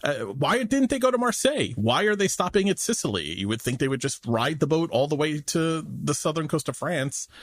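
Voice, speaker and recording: A man's voice: fairly high pitch, fairly quick, few pauses, dry recording. A man co-hosting a podcast, chatting casually about a TV episode and joking often. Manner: animated, jokey, laughs often. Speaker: podcast co-host. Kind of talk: casual TV recap chat.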